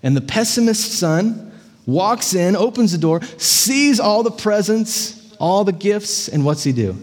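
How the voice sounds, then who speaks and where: A male pastor preaches with a lively, swooping delivery and a slightly raised voice. He tells stories animatedly and keeps checking in with listeners. A long reverb fills the hall around him. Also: high voice, a little slow. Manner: animated storytelling, frequent "right?" check-ins. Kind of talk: sermon.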